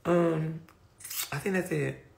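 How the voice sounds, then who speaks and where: A woman's voice: low voice, slow, gravelly, a little mellow. A woman hosting a casual live stream, reading viewer comments, talking bluntly and profanely with many repeated fillers. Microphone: phone or webcam on a live stream.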